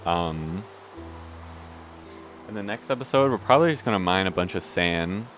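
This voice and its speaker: A man's voice: low voice, lively intonation, moderate pace, a bit bright, soft background music. A young man hosting a let's play, rambling through casual gameplay commentary, restarting sentences and swearing offhandedly. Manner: meandering, self-interrupting, swears casually. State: hiccuping.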